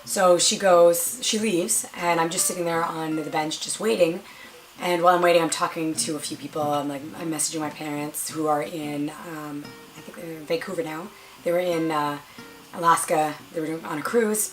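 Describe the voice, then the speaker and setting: Soft music plays in the background as this young vlogger tells a casual storytime at a moderate pace with fairly even intonation. She raises her voice to perform quoted lines and dramatizes her own reactions.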